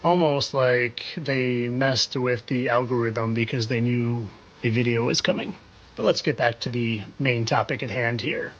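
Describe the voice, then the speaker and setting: A man's voice: mid-range voice, unhurried, muffled recording. A man hosting a commentary video, speaking in a knowing, rhetorical way and repeating phrases for effect. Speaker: video host. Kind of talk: insinuating commentary monologue.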